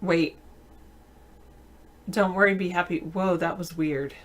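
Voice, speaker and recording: Chatty woman host, slightly low voice, answers viewer comments out loud with easy laughs. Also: fairly even intonation, slow pace. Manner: laughs often mid-sentence. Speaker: show host. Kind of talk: casual live video-chat talk.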